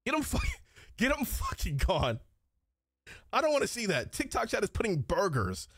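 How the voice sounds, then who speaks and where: A young man livestreaming and reacting to his chat, loud, excitable and swearing, recorded on a desk mic indoors. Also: high-pitched, moderate pace, breathy edge, dry recording, studio quality. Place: indoor streaming setup.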